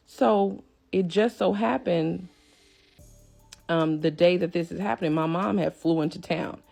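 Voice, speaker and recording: A woman recounts a tense family story straight to her viewers. Her low, gravelly voice is full of vocal fry, and faint music plays underneath. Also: a little slow. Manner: animated, addresses viewers as y'all. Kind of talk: casual storytime.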